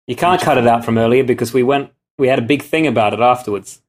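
A man's voice: medium pitch, fast. A man co-hosting a casual podcast, playful and laughing a lot as he guesses and tells stories. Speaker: podcast co-host and quiz contestant.

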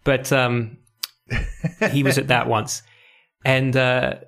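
A man's voice: medium pitch, level tone, slow pace, creaky, a bit bright. A man in his thirties co-hosting a casual podcast, with a dry, teasing sarcastic manner. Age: 30s. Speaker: podcast co-host. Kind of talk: casual chat.

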